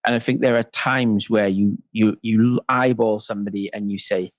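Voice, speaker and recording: A man's voice: fairly low pitch, moderate pace, dry recording. A worship leader and church pastor, a man, talking in a conversational interview and acting out the people he quotes. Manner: animated storyteller, acts out quotes.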